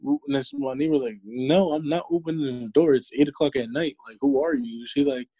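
A young man in casual talk, cursing freely as he acts out the people in his stories. His voice is mellow and dark, with little bite at the top. The sound is dry and close, with no room around it. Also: mid-range voice, brisk, no room sound. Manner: profane, animated storytelling with acted-out quotes. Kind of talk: casual chat. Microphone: remote call audio.

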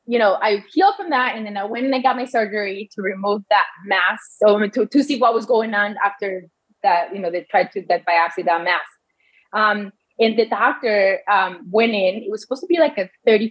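A woman's voice: medium pitch, rough recording. A woman in her thirties telling her own medical story in casual talk, often restarting and quoting doctors in her own voice. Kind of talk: personal storytelling.

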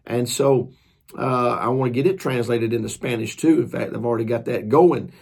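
Gravelly preacher man. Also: medium pitch, steady tone, moderate pace, darkish tone. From Georgia, US. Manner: folksy and earnest. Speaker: preacher and author. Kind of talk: casual storytelling talk.

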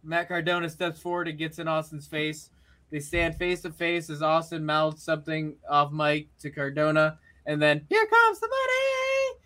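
A man's voice: a little high, monotone, moderate pace, bright, forceful tone. A man narrating a wrestling show role-play with energy, laughing often and using many fillers. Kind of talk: animated wrestling narration with voiced promos.

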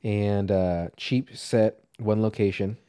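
A man's voice: fairly low pitch, fairly even intonation, slow pace, dark tone, smooth. A man co-hosting a casual movie podcast, rambling and swearing freely as he talks. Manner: rambling, swears, trails off and restarts. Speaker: podcast co-host.

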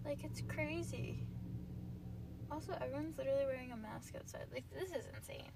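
A young woman talking straight into her podcast mic, loose and unscripted, swearing as she rants and leaning on "like" constantly. Her voice sits a little higher than most women's, and a faint hiss runs under the recording. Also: fairly quick. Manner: ranting, swears freely, fills nearly every phrase with "like". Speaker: podcast host. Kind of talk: casual solo podcast rant.

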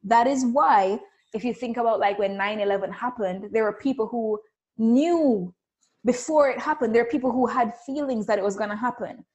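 A woman's voice: on the high side, normal speed. A woman giving a casual motivational talk on intuition and business, telling stories and acting out the people she quotes. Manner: animated storytelling, acts out quoted voices. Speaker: spiritual business coach.

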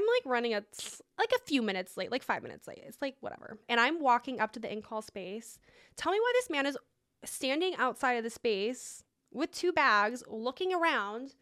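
A woman's voice: fairly high pitch, clear, resonant tone, no echo. Chatty young woman, dry close sound. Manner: animated storytelling, many fillers and quoted dialogue. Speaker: podcast co-host. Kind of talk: casual chat.

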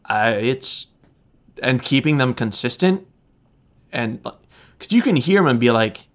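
A man's voice: mid-range voice, expressive, takes it slowly. A man with a Midwestern American accent, co-hosting a podcast in casual chat, loose and rambling and swearing freely. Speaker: podcast co-host.

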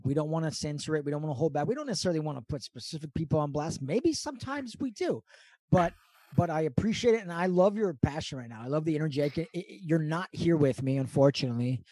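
A man's voice: fairly high pitch, fast talker, warm tone, dry recording. A man co-hosting a podcast over a video call, talking in casual, profane, mock-grandiose rants. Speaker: podcast co-host. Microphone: remote over video call.

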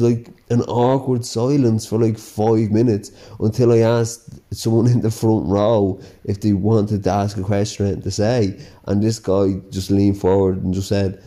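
A man's voice: on the low side, dark tone. A man with a Dublin accent casually telling stories about his life, chatty and full of "you know" and "like", often laughing as he goes. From Ireland. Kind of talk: casual personal storytelling.

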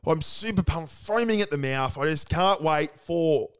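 An Australian man co-hosting a sports podcast, casual chat full of crude, excitable banter. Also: a little high, moderate pace, clean tone. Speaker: podcast co-host.

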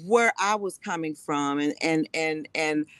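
A woman's voice: sits low, measured pace, fairly bright tone, smooth, no room sound. A woman co-pastor tells her faith testimony in an interview, acting out the voices she quotes.

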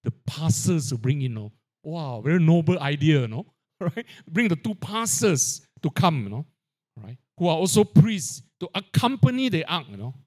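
A man preaching a sermon, peppering his lines with "you know, right?" and dropping quiet on the tag-ons. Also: fairly high pitch, very animated, moderate pace. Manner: drops to a quiet aside on filler tags. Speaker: pastor.

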